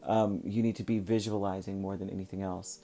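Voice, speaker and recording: A man's voice: sits low, level tone, brisk, warm tone. A man giving a casual spoken tarot reading, talking straight to his viewers in a loose, coaching way with frequent fillers and restarts. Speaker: tarot reader.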